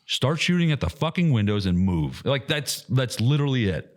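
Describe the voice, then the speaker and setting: A man co-hosting a podcast, telling a heated, profane story with loud mocking quotes. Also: mid-range voice, sing-song, normal speed. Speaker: podcast co-host. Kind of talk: casual podcast chat.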